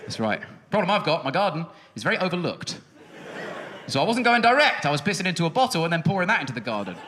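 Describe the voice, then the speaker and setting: A man in his thirties doing a stand-up comedy set on a music hall stage, talking in a quick, sardonic way with sudden high outbursts. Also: very animated, a bit bright. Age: 30s. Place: music hall stage before a live audience.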